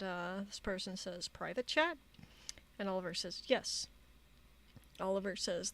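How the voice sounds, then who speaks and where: A woman streamer giving casual commentary, reading out chat logs in a halting way with many fillers. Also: mid-range voice. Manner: halting, many fillers, reads quotes flatly.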